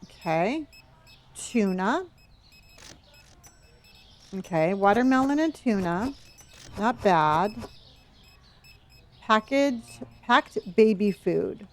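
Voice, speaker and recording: A woman with a medium-pitched, expressive voice draws out her words and pauses often, with slight background noise behind her. She's streaming a game and chatting casually, offering playful running commentary and thanking viewers by name as "honey" and "dear."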